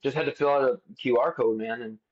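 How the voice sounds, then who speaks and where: A young man co-hosting a podcast, telling stories in a casual, animated way and swearing freely. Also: mid-range voice, fast talker. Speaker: podcast co-host. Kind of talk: casual chat. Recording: dull lo-fi sound.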